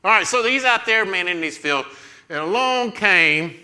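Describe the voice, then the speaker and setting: A man's voice: high voice, lively intonation, normal speed, pushed and bright. A man leading a children's church lesson, playfully telling a Bible story and directing kids as they act it out. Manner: playful, coaching children through a skit.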